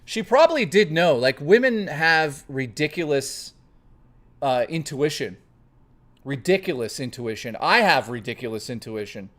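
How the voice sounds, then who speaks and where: Profane, playful male streamer, higher voice. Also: big pitch swings, unhurried, fairly bright tone. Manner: profane, playful, reads chat aloud. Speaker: live streamer host. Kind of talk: casual live-stream chat with viewers.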